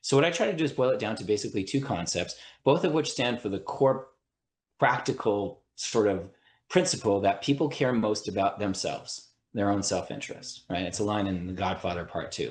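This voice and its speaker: Low-voiced lawyer explaining earnestly. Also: male voice, animated, fairly quick, echoey room. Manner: earnest, breaks thoughts with frequent "right?" and restarts. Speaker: attorney and mediator as podcast guest. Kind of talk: explanatory interview conversation.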